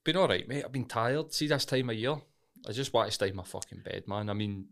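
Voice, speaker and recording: A man's voice: on the low side, fairly quick, gravelly. A Glaswegian man co-hosting a podcast, blunt and sweary in casual chat. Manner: blunt, sweary, says "aye, mate" a lot. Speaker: podcast co-host.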